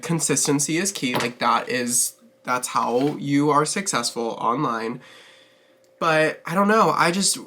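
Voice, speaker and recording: A man's voice: mid-range voice, pushed and bright. A man hosting his own beauty vlog, chatting casually and expressively while doing his makeup, swearing freely and laughing often. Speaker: beauty vlogger host.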